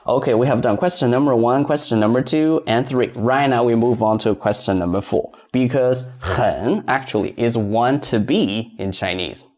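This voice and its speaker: A man teaching a grammar lesson in English, explaining step by step and slowly repeating each example sentence twice. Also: medium pitch, darkish tone. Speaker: Chinese language teacher.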